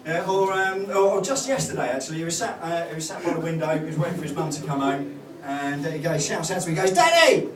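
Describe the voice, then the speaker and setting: A man's voice: on the high side, fast, hardly any pauses. A man doing a stand-up comedy set, rambling and hesitant with many fillers and restarts. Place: comedy club stage. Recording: roomy club sound from far off, loud crowd. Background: audience laughter.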